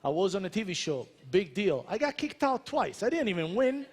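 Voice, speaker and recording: A celebrity chef from Italy, in his thirties, delivers a motivational talk to a crowd in a large, reverberant convention hall where his words echo long. His fairly high voice, with an Italian accent, is a bit rough and fairly quick. He jokes with the audience, addresses them directly and pushes his points home animatedly.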